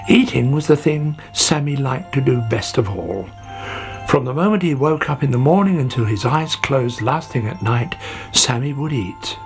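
A storyteller reading a children's story aloud in an expressive, unhurried way. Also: medium pitch. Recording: faint background music.

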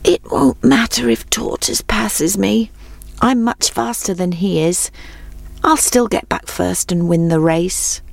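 A woman's voice: fairly low pitch, lively intonation, takes it slowly, creaky, no echo, exaggerated voice. A woman reading a storybook and voicing a boastful, mocking male hare. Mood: drowsy. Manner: laughing, scornful bragging.

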